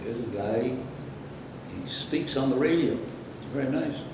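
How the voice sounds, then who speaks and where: A man's voice: mid-range voice, expressive, measured pace, heavy reverb, far from the mic, background noise. An older man from Brooklyn, New York, reminiscing in a rambling, anecdotal way during an interview. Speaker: interviewee, former radio announcer.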